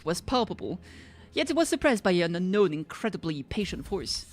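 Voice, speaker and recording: A woman's voice: medium pitch, very animated, brisk. A woman streamer reading game dialogue aloud in a casual playthrough, joking that she can't do accents. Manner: reads dialogue aloud, jokes about not doing accents.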